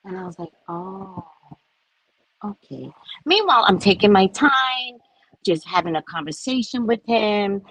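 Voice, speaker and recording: A woman host tells a story casually at medium pitch, animated and acting out the quotes. She keeps tagging sentences with "right?" and swears casually. The low-quality recording has no echo.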